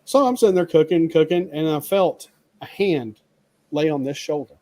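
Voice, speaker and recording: A man's voice: a little high, animated, normal speed, warm tone, no echo. A man co-hosting a casual chat, telling stories in a rambling way full of fillers. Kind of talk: casual storytelling.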